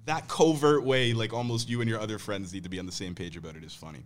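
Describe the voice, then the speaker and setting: A man's voice: lowish voice, fairly even intonation, fast talker. A man co-hosting a podcast, telling a story in a laid-back way and chuckling as he goes. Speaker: podcast co-host. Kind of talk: casual chat.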